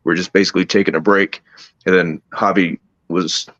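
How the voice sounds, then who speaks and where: Man, very deep voice, dull dry sound, halting casual storytelling. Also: flat delivery, fairly bright tone, dry recording. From United States. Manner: slow, halting, with many restarts. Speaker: podcast guest.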